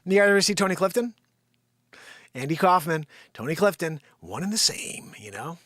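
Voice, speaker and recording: A man's voice: fairly high pitch, big pitch swings, moderate pace, a bit bright, dry recording, clean studio sound. A man hosting a live stream, rambling through an improvised comic monologue, bickering with an off-screen partner and dropping into muttered, whispered asides.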